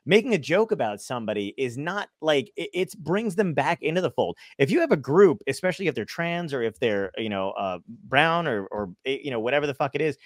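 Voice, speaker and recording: A man talking casually on a podcast from home, his pitch jumping around as he gets worked up. He swears a lot and laughs easily. The sound is close and dry. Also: a little fast, few pauses, dry recording. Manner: profane, animated, laughing often. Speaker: podcast co-host. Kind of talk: casual chat. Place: home, on a video call.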